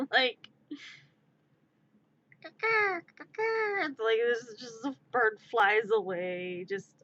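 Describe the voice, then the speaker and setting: Woman streamer, giggly, rambling, slightly high voice, muffled lo-fi audio. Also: takes it slowly, fairly bright tone. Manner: giggly, rambling, easily amused. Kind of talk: casual live-stream chat.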